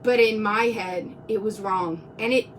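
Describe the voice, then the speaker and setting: A woman's voice: medium pitch, a little slow, far from the mic, slight background noise. A woman talking earnestly on a live stream, close to tears, rambling and restarting her sentences. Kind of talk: emotional live-stream monologue. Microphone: phone.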